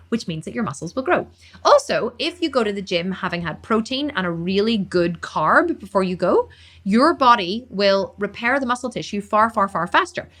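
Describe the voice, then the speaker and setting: A woman fitness coach and bodybuilder answering questions on a casual live stream, talking very fast, energetic and emphatic, repeating words for emphasis. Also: on the high side.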